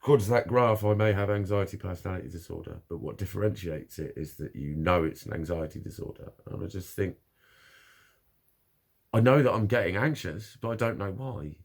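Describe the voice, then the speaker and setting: A man's voice: low-pitched, a little fast, vocal fry, slightly rough. A man talking frankly and bluntly in a casual monologue, swearing constantly as he opens up about his own experiences. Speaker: vlogger.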